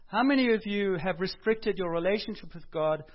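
Man preaching, fairly high voice, chatty and animated, muffled lo-fi recording. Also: normal speed. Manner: conversational, animated, rises for emphasis and drops softly for quoted words. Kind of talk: sermon. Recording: dull lo-fi sound.

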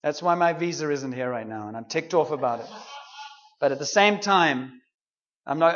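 A man's voice: a little high, moderate pace, pauses often, a bit bright, lo-fi sound. A man preaching a sermon in a conversational, humorous way, with playful asides to the congregation.

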